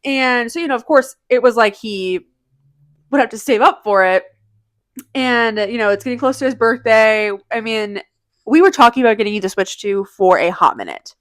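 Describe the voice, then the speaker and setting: A woman's voice: on the high side, expressive, normal speed, dry recording, clean studio sound. A woman co-hosting a casual podcast, chatty and profane, with teasing asides to listeners. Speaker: podcast co-host. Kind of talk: casual chat.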